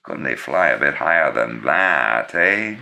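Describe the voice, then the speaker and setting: A man's voice: extremely low pitch, lively intonation, unhurried, creaky, pushed and bright, heavily acted. An actor voicing a mocking middle-aged father who needles his son with sarcastic questions. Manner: sneering and sarcastic.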